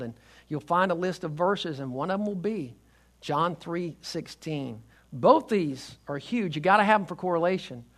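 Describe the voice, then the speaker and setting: A man preaching to his church in a fairly high voice. He talks earnestly and emphatically, restarting his phrases and falling to a hush to drive a point home. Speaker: pastor. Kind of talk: sermon.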